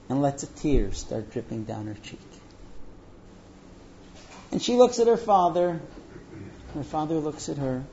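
A man teaching a religious lesson, telling stories in an animated way with fillers. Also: a little high, highs cut off. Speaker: Torah teacher.

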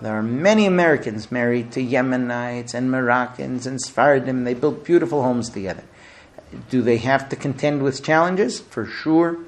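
A man giving a lecture on marriage advice, telling stories in an animated way with many fillers and restarts. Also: medium pitch, normal speed. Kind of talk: lecture with anecdotes.

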